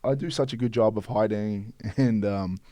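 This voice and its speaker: A man's voice: on the low side, moderate pace, dark tone. A laid-back Australian man in his thirties, a podcast guest chatting casually and laughing often. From Queensland, Australia. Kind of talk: casual conversation.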